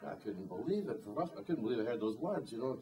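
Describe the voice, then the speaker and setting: A man's voice: mid-range voice, sing-song, fast, a crowd in the background. A male singer-songwriter telling a rambling, wry story between songs at a live gig, with plenty of "you know". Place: live music venue. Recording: distant live gig recording.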